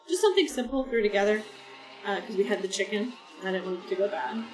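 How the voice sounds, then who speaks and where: A woman's voice: medium pitch, expressive, quick pace. Chatty woman gaming streamer, roomy sound. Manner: rambling, chatty, talks to chat viewers. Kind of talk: casual chat while playing a game. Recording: roomy, distant mic with soft game music.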